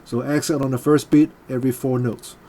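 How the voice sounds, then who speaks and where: A man's mid-range voice, fairly even in intonation and a little fast, explains a guitar part in casual, hesitant fashion. He leans on fillers and counts beats aloud as loud guitar plays behind him.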